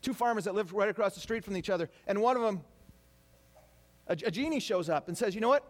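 A man's voice: high-pitched, brisk. A man preaching a sermon to his congregation, talking animatedly and acting out people's complaints in quoted voices. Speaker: pastor.

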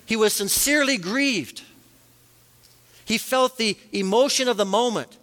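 A man's voice: sits high, measured pace, fairly bright tone. A man preaching a sermon as a pastor, earnest, rising and falling for emphasis. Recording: long reverb of a large hall.

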